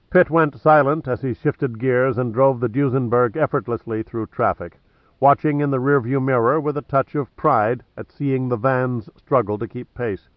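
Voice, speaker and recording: A man narrating an audiobook in a measured, even way. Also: mid-range voice, no room sound, highs cut off. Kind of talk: scripted narration.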